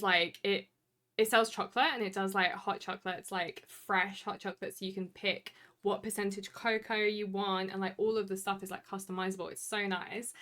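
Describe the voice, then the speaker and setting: A woman's voice: mid-range voice, fairly bright tone. A young woman chatting casually with her stream viewers. She rambles and fills her talk with "like" and "you know". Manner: rambling, chatty, heavy use of "like" fillers. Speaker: live streamer.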